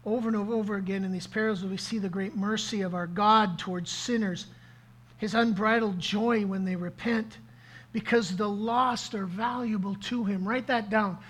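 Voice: medium pitch, fairly even intonation, moderate pace, fairly bright tone. A pastor preaching a sermon to a live congregation, asking the crowd questions and repeating key lines. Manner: interactive, asks the audience questions, repeats key phrases.

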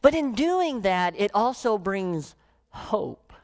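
A woman pastor preaching a sermon, emphatic, often dropping into soft, low phrases for weight. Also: sing-song, takes it slowly.

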